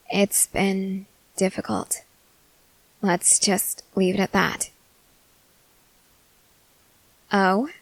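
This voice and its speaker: A young woman voicing an obsessive, possessive queen in an ASMR role-play, talking softly and insistently. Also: medium pitch, vocal fry, no echo. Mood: sweet. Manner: slow, soft, controlling and insistent.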